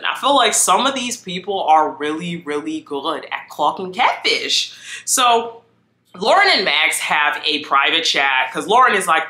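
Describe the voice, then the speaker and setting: A woman giving a chatty, animated recap of a reality show, often quoting people in exaggerated voices. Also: on the low side, a little slow, roomy sound. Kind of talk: casual recap chat.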